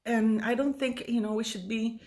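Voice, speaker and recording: A woman's voice: a little high, steady tone, moderate pace, a little mellow. A woman in her fifties giving a rambling, emotional commentary monologue, tired and full of restarts and fillers. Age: 50s. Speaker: YouTube commentator.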